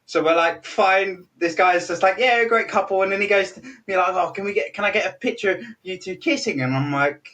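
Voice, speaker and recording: British guy rambling thru a funny story, lots of likes and ums, kinda high voice, sounds a bit off mic. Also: fast, few pauses, fairly bright tone, far from the mic. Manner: chatty, laughing storyteller, full of fillers and quoted voices. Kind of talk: casual anecdote telling.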